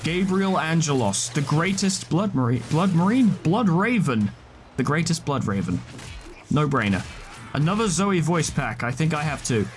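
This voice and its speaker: A man rambling casually as he commentates a video game list, tossing out quick offhand verdicts and the odd swear. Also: on the high side, expressive, faint music behind. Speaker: gaming video creator.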